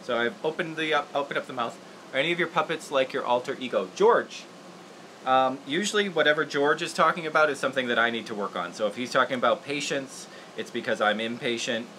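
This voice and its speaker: A man's voice: medium pitch, fast, sharp tone, slight background noise, poor audio. A man hosting a casual livestream puppet-making tutorial, rambling and laughing at himself as he works. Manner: rambling, laughing, self-deprecating. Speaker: puppeteer host.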